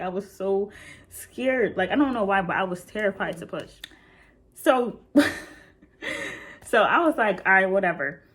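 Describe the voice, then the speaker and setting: A young woman telling a casual storytime, chatty and full of fillers, talking straight to her viewers. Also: mid-range voice. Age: young adult. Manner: chatty, frequent fillers, addresses viewers directly. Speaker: vlogger.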